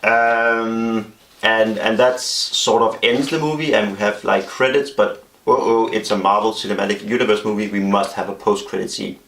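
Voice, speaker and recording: Casual male vlogger, low-pitched, loose and rambling delivery with constant fillers, echoey room. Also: moderate pace, fairly bright tone. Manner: rambling, many fillers and restarts. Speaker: vlogger pitching a movie idea. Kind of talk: casual spoken movie pitch.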